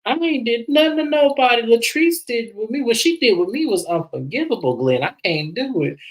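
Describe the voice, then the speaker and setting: A man mimicking a defensive woman from a reality show, insisting she did nothing, in a high protesting voice. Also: expressive, brisk, low-quality recording. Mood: indignant.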